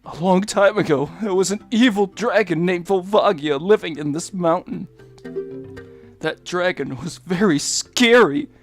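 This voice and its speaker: A man doing a little Goron boy from a video game, frightened yet eager, who talks in a soft and gentle crying voice. Faint game music plays underneath. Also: high-pitched, measured pace. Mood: storytelling. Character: small tearful Goron boy, eager and scared.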